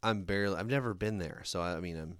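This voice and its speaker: Smooth-voiced male podcast host. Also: low-pitched, quick pace. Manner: relaxed, repeats words while thinking. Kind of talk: casual chat.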